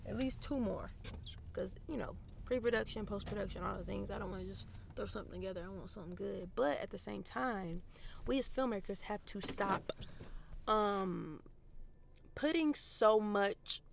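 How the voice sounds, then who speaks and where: A young woman filmmaker in a casual vlog, thinking aloud about her plans, animated and self-encouraging. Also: a little high, gravelly, a little hiss or hum. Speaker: vlogger and filmmaker. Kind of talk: casual vlog talk to camera. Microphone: camera mic.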